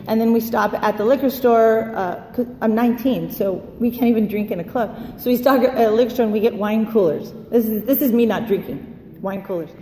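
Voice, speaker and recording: A woman with a slightly high, mellow voice tells a personal story in an animated way, acting out what people said. She sounds far off in a large echoing hall with a long reverb tail. A faint room ambience sits underneath. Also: slight background noise. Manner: animated, acts out quoted voices. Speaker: speaker sharing a recovery story. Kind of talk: storytelling talk.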